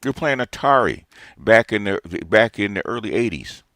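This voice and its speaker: A man's voice: fairly low pitch, big pitch swings, moderate pace, fairly bright tone, no room sound, clean studio sound. A man in his sixties gives a ranting, lecturing response monologue as a streamer, emphatic and repeating his points. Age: 60s.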